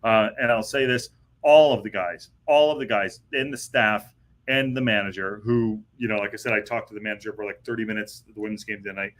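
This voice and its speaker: A man's voice: on the low side, steady tone, brisk, fairly bright tone. A man hosting a live football podcast, chatting casually and rambling with lots of fillers and restarts. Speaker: podcast host. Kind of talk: casual live-stream chat.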